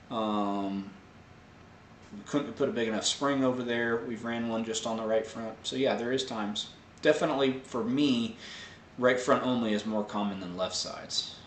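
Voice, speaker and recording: A man hosting a live question-and-answer show, explaining technical answers in a relaxed way with many fillers. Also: mid-range voice, roomy sound, slight background noise. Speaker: host answering viewer tech questions. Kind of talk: casual live Q&A.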